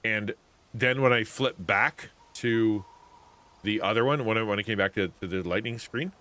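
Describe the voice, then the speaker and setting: A man's voice: fairly low pitch, moderate pace, bright, forceful tone. Chatty man streaming a video game. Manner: rambling, chatty, self-interrupting. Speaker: livestreamer. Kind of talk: casual gameplay commentary.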